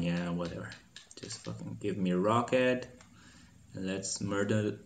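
A man with a low voice talks unhurriedly over his gameplay, swearing freely and breaking into animated bursts of mock anger. His voice rings with noticeable room echo, as if recorded in an untreated space. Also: slow pace, creaky, slight background noise. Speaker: gaming channel host. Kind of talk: casual gameplay commentary.

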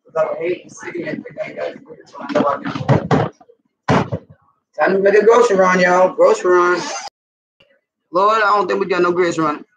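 A middle-aged man from the American South, a cooking vlogger, chats casually and curses while demonstrating a dish in his home kitchen, addressing viewers directly. His Southern-accented voice is high-pitched and fairly bright, at a moderate pace with frequent pauses. The audio comes from a distant, dull mic in a roomy space with faint noise.

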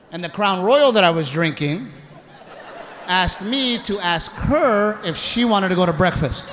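A man performing a stand-up comedy set, telling a story loudly and shouting out impressions. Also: sits high, expressive, a little slow. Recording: live show with crowd noise. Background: audience laughter.

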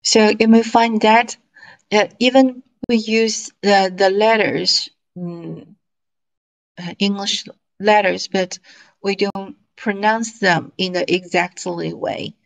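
Female teacher, very slow and deliberate delivery, online class. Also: medium pitch, fairly even intonation, gravelly. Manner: slow, deliberate, drawn-out demonstration of sounds. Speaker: Mandarin teacher. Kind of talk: slow online language lesson.

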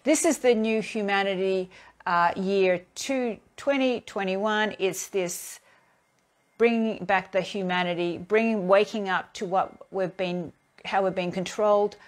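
A woman's voice: mid-range voice, unhurried. A woman healing therapist talking casually in a live stream, telling her own stories with energy and acting out both sides of each exchange. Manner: animated storyteller who acts out both sides of encounters. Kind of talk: casual spiritual talk.

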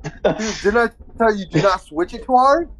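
Lively young man telling a rambling story. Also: high-pitched, moderate pace, low-quality recording. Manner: rambling anecdote, acting out quoted exchanges. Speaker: streamer's friend on voice chat. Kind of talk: casual chat.

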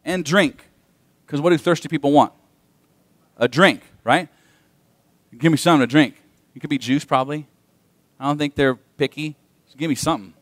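A man preaches a Sunday sermon in a fairly high voice, animated and calling out questions to his congregation. The sound is close and dry, with little room reverb. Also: normal speed, pauses often. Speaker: pastor. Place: church sanctuary.

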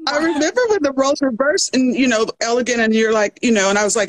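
A middle-aged woman, the showrunner, chatting on a livestream and telling lively stories with acted-out dialogue. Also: a little high, quick pace, hardly any pauses. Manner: animated storyteller, acts out quoted dialogue. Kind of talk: casual chat on a livestream.

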